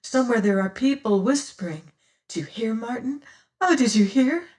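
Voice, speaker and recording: A woman voicing a frightened, gentle young noblewoman who speaks softly and pleadingly. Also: fairly high pitch, expressive, moderate pace, far from the mic, pitched above the performer's own voice, lightly acted. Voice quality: soft and hushed. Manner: timid, pleading.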